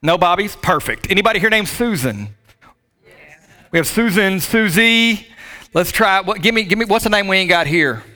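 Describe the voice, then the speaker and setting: Before a live audience in a church sanctuary, a Southern pastor jokes and talks right to his congregation during his sermon. His high voice is expressive, pushed and bright, at a moderate pace.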